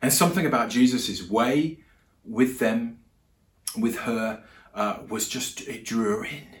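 A man's voice: medium pitch, a little slow. A male preacher telling stories in a conversational sermon, often restarting his sentences. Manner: conversational storytelling with many restarts. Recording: roomy hall echo with faint ambience.

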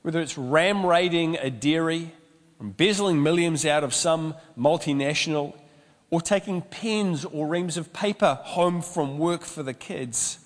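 A man's voice: on the high side, a little slow, big-room sound. A man preaching a sermon as pastor, mixing storytelling and humorous asides.

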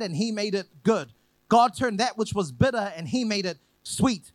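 High-voiced man preaching a story sermon. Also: dry recording. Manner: retells scripture with vivid acted quotes and repetition.

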